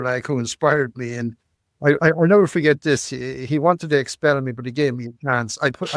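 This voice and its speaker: A man, telling life stories as a podcast guest, animated and repeating words, often tagging lines with "right?". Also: mid-range voice, no echo, clean studio sound. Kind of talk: storytelling interview.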